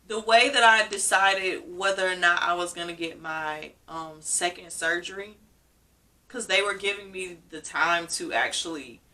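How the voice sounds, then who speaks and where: A woman's voice: fairly low pitch, bright, forceful tone, far from the mic. A woman vlogger telling a personal story in a casual, emotional way, often repeating herself. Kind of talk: casual story-time vlog.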